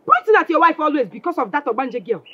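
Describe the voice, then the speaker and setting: An actress playing a scornful, jealous wife with a Nigerian accent, mocking and dismissive. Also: female voice, high-pitched, big pitch swings, quick pace, bright, forceful tone, dry recording, muffled recording, exaggerated voice. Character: scornful jealous wife, sharp-tongued, suspicious. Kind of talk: Nollywood film acting.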